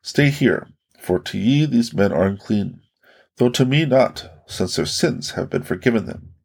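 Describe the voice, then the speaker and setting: A man's voice: mid-range voice, expressive, a little slow, creaky, darkish tone, breathy edge, heavily acted. A man voicing an earnest adult male teacher who rebukes his critics with solemn questions, in a read-aloud religious narration. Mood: rebuking.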